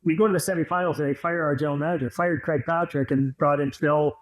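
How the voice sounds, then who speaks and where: Man in his fifties, somewhat high voice, rambling and laughing, podcast guest. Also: fairly even intonation, fast, low-quality recording. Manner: rambling storyteller, laughs while telling. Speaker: podcast guest, former hockey player. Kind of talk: casual storytelling chat.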